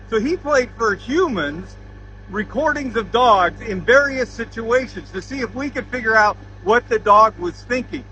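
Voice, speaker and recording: A man's voice: sits high, pushed and bright, poor audio. A man vlogging, chattily explaining a curious fact in a casual storytelling way. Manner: chatty, explains facts in a conversational way.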